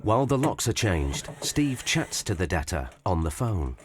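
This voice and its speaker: A man narrating a documentary in a scripted, measured and expressive way. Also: sits low, a little hiss or hum. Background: background music.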